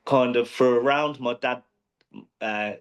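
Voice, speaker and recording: A man in a casual interview, speaking at an ordinary mid pitch. He rambles through his story with fillers and restarts. His tone is plain and conversational. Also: steady tone, a little slow, clean tone. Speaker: professional boxer, interview guest.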